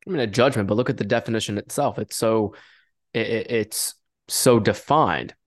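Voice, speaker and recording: A man with a lowish voice chats as a podcast co-host. He sounds relaxed and agreeable, stumbling and restarting as he thinks aloud. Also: normal speed, dry recording, studio quality. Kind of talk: casual conversational podcast.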